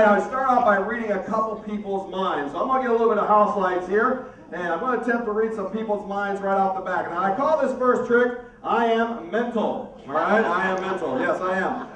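A man hosting a comedy mind-reading stage show, joking with audience members in an upbeat manner. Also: high-pitched. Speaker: comedy mentalist host. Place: theater stage with live audience. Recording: roomy stage sound from a distance.

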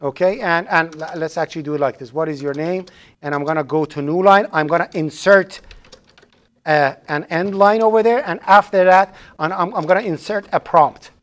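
A man's voice: fairly high pitch, normal speed, a bit bright. A man teaching a programming class live in a classroom, chatty, often restarting phrases and throwing in joking asides. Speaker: programming instructor.

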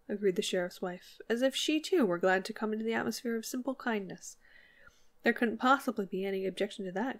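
A woman narrating a classic short story as an audiobook, in a measured, expressive reading. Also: medium pitch. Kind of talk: scripted narration.

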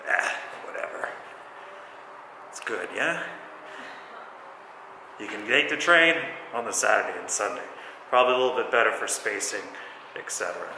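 A man's voice: lowish voice, moderate pace, pauses often. A man casually talking to camera as a travel vlogger at a train station, upbeat and chatty with his viewers. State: out of breath. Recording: outdoor noise, camera mic.

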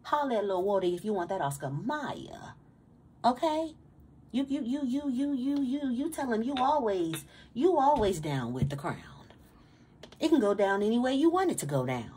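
A woman's voice: fairly high pitch, sing-song, normal speed, mellow, a little hiss or hum. A woman giving a casual tarot reading to her viewers, emphatic and streetwise, swearing freely and stammering on repeated words in a motivational pep talk. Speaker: tarot reader.

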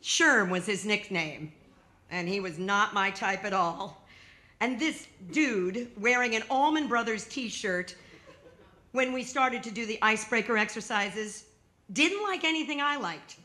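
Slow-paced woman telling a wry story. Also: medium pitch, expressive, pushed and bright. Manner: wry, comic timing with emphatic punchlines. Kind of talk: live personal storytelling on stage.

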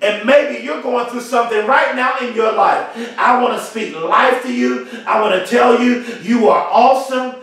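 Man, motivational speaker, very high voice, punchy repetitive delivery, heard from far off in a booming echo. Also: normal speed, fairly bright tone. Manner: emphatic, repetitive, preacher-like delivery. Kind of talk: motivational speech. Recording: very echoey, from far off the mic.

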